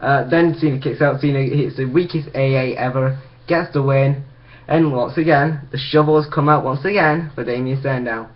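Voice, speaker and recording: A man's voice: medium pitch, steady tone, normal speed, highs cut off. A man casually recapping a wrestling show for his video channel, rambling with frequent restarts. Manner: rambling, full of ums and restarts.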